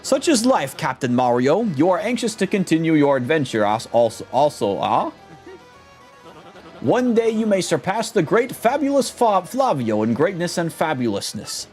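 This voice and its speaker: A man's voice: on the high side, sing-song, moderate pace, a little mellow, soft background music, pitched above the performer's own voice. A man voicing a pompous, vain adventurer with theatrical, self-praising delivery in a fan dub of a game.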